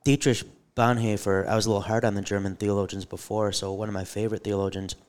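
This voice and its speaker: A theology teacher co-hosting a live podcast before an audience tells stories animatedly, with joking, self-deprecating humor. His voice is on the low side, clear and resonant, delivered fast and flat.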